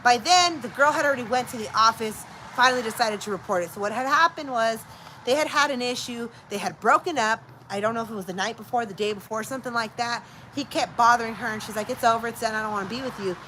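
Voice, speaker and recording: A woman's voice: a little high, quick pace, a little hiss or hum, poor audio. A middle-aged woman hosting a casual chat, telling a story and acting out the voices of the people in it, with bits of Spanish mixed in. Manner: animated, acts out quoted voices, mixes in Spanish. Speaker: host.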